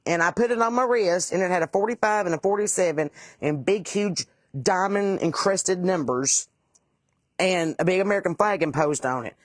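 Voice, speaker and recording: A woman's voice: lowish voice, moderate pace, no room sound. A woman, chatting casually with livestream viewers, rambling and salty as she tells stories. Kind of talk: casual livestream chat reading comments.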